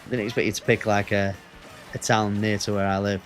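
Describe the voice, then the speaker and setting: A man's voice: on the low side, little pitch movement, fairly quick, soft background music. A man, chatting casually and swearing as he streams a racing game. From Northwest England. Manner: chatty, banters with chat, swears. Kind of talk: casual gaming stream chat.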